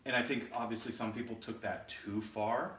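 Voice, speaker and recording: A man's voice: lowish voice, fairly even intonation, normal speed, fairly bright tone. A man co-hosting a podcast, talking in a casual, blunt, opinionated way and swearing freely. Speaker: podcast co-host. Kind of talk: casual chat. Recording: roomy echo, distant mic, faint noise.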